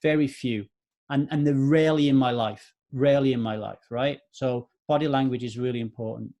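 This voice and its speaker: A man's voice: mid-range voice, fairly even intonation, brisk, warm tone. A man in his forties hosting a solo motivational podcast, earnest and repeating points for emphasis. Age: 40s. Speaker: podcast host.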